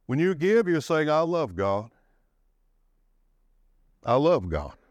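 Animated man preaching a sermon. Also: slow, no room sound, clean studio sound. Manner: dramatic swings in pitch and pace, rising to shouts of emphasis; calls for audience response.

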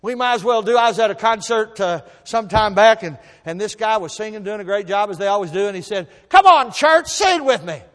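A man preaching a sermon, telling folksy stories and swinging from soft asides to loud emphasis. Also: high-pitched, fairly even intonation, quick pace, hardly any pauses, in a large hall. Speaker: pastor.

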